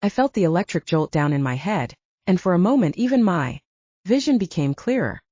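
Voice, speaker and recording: Warm, low-voiced woman reading an audiobook. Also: expressive, a little fast, slightly rough, no echo, dull audio. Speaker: audiobook narrator. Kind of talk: first-person audiobook narration.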